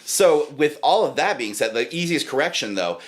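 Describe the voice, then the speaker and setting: A man's voice: on the high side, moderate pace. A man co-hosting a podcast about playing horn, chatting casually and demonstrating sounds as he explains. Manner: animated, demonstrates with sung sounds and put-on voices. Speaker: podcast co-host, horn teacher. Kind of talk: casual chat.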